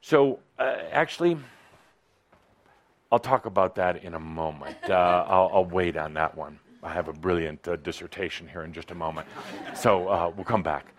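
A man's voice: deep voice, moderate pace. A man leading a live workshop for an audience, speaking into a microphone in a playful, teasing, coaching way. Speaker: workshop leader. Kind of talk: live seminar talk to an audience. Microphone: handheld or clip-on microphone.

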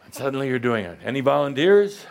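A man with a mid-range, sing-song voice talks fast, with slight background noise behind him. He's a spiritual teacher giving a playful talk to a live group, theatrically teasing his listeners and acting out little voices.

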